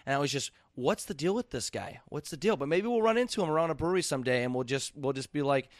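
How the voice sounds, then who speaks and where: A man's voice: a little high, expressive, fast, no echo. A man hosting a casual podcast, loose and profane, who laughs easily with his guest. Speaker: podcast host.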